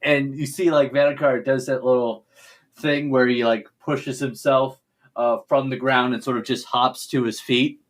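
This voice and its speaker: A man narrating a tabletop game as game master in a playful, animated storytelling manner. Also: mid-range voice, normal speed.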